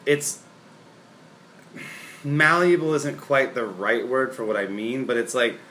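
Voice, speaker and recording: A young man with a bright, forceful voice, joking and self-deprecating as he rambles through loose conversation with fellow comedians. A faint hiss sits under the recording. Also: medium pitch, takes it slowly. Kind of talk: casual chat among comedians.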